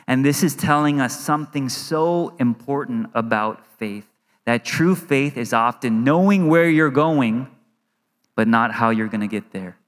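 A man in his thirties, a pastor giving an earnest, conversational sermon in a church, now and then acting out inner worries in quick asides. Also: medium pitch. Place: church sanctuary. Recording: reverberant hall.

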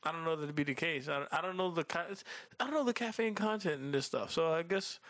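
Teasing, chatty man; higher register, laughs through his lines, dry recording. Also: fairly bright tone, no room sound. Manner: teasing, laughs often, quick asides. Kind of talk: casual chat.

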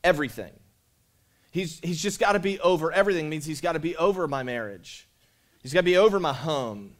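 Guy pastor preaching, kinda higher voice, talky, keeps calling out to the church. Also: animated, a little fast. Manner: conversational, repeats himself, calls out to the congregation. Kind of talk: sermon. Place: church sanctuary.

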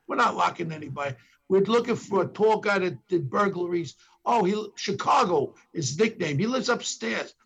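Gravelly older New York storyteller. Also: male voice, high-pitched, a bit bright, lo-fi sound. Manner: acts out quotes from others with emphatic bursts. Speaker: former police detective telling stories as a podcast guest. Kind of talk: animated storytelling.

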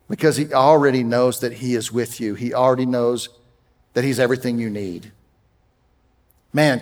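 A middle-aged man preaching a sermon as pastor, emphatic and rising loud when he quotes scripture. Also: medium pitch, in a large hall. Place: church sanctuary.

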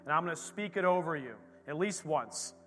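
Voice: mid-range voice, expressive, a little fast, fairly bright tone, in a large hall, faint music behind. A pastor leading the congregation in prayer and giving weekly homework. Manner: brief affirmations, then directive. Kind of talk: sermon, affirming and leading prayer.

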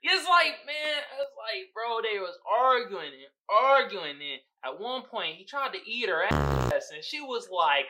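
A man's voice: high voice, big pitch swings, a little slow, hardly any pauses, pushed and bright, rough recording. A young man from the Bay Area hosting a podcast, ranting about a movie in slangy, profane casual talk and laughing often. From San Francisco Bay Area. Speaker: podcast host. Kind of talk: casual movie-review rant.

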